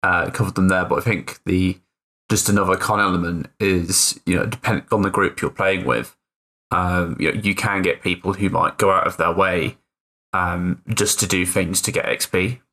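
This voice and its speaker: Deep, bright-toned man in hesitant casual chat. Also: fairly even intonation, moderate pace. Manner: hesitant, many fillers and restarts, swears casually. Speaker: podcast co-host and player.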